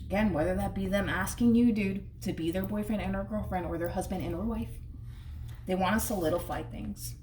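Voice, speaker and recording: A chatty woman in mid-range pitch, giving a casual tarot reading and repeating phrases for emphasis. Her voice sits a little away from the mic in an echoey room, with a faint hiss behind it. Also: brisk, far from the mic. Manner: chatty, repeats phrases, drops into hushed quotes. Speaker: tarot reader.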